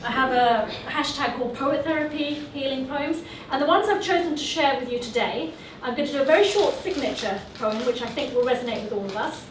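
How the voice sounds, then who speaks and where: A woman poet talks earnestly and chattily to a live audience as she introduces her poems. Her high voice comes from some way off the mic in an echoey room, with clear background noise underneath. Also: brisk, few pauses. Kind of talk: introducing and reciting her poetry on stage. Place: live venue. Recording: echoey room from far off, noisy.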